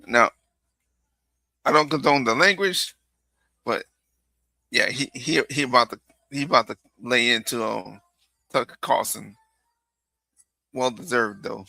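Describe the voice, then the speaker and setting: A man hosting a live stream, reacting casually to a clip in a hesitant, halting way. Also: mid-range voice, creaky, sharp tone, no room sound, rough recording. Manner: hesitant, halting, many fillers.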